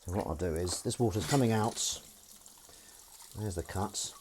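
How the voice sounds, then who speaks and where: A man's voice: low-pitched, measured pace, a little mellow, slight background noise. A man live-streaming from his home kitchen sink, chatting casually while he washes up and making self-mocking jokes. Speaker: streamer washing dishes live.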